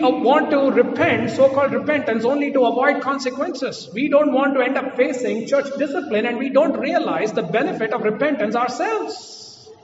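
A man's voice: very high voice, lo-fi sound, a little hiss or hum. A man preaching a sermon, earnest and repeating key phrases for emphasis. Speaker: pastor. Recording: distant mic in a reverberant hall.

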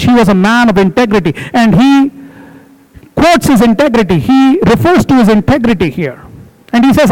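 Male preacher, high voice, emphatic and repetitive, sermon delivery. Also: rough recording. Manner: emphatic, repetitive exhortation, explains words.

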